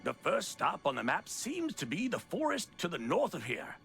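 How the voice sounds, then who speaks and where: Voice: mid-range voice, wildly swooping pitch, normal speed, vocal fry, a bit bright, exaggerated voice. A man voicing a pompous crab historian in a game, talking in grand exclamations. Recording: game audio with music behind.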